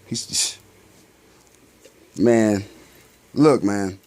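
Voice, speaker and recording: Speaking very slowly, this male spiritual vlogger rambles through a laid-back, slangy monologue. He fires off rhetorical questions only to answer them himself, his volume drifting from loud outbursts to low mumbles.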